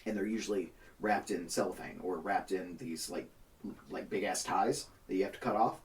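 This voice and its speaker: A podcast co-host with a low voice tells a long story at a moderate pace during a casual chat with friends. He swears freely and animatedly acts out what other people said. His mic sounds distant.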